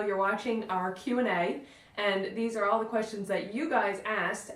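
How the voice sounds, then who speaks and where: A bubbly young woman chats casually to her viewers, often dropping in "like". Her voice sits at a middle pitch. The room is echoey, and she is a little way from the mic. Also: recorded from a distance. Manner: bubbly, many "like" fillers. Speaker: vlog co-host. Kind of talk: casual chat. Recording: roomy sound from off-mic.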